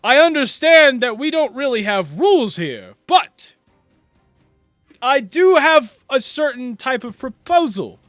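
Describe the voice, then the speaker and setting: A man voicing an excitable male tournament announcer who booms his announcements like a showman. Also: measured pace, no echo, clean studio sound, faint music behind, exaggerated voice. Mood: showy, commanding.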